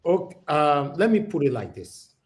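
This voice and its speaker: A man's voice: a little high, sing-song, normal speed, slight background noise. A man with a Nigerian accent hosting a livestream, talking with passion and switching into Pidgin. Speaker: livestream host. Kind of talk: livestream commentary.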